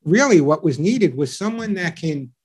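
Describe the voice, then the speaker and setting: Animated, slightly high-pitched man talking pets. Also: normal speed, slightly rough. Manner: animated storyteller acting out owners and dogs. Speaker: pet show radio host and dog trainer, guest. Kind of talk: enthusiastic interview chat.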